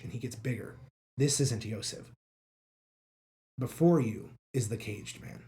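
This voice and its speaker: A man narrating a tabletop game as game master, loose and halting with frequent fillers. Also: mid-range voice, a little mellow.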